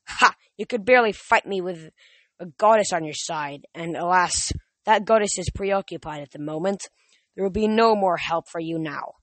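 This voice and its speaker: A reader voicing a gloating villainous male monster with a French accent, slow and sneering, in a dry recording. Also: sits high, dry recording, close to an everyday voice.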